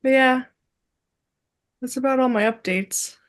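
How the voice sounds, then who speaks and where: Chatty young woman with a higher voice. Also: measured pace. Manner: animated storyteller, acts out quotes. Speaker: podcast co-host. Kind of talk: casual chat.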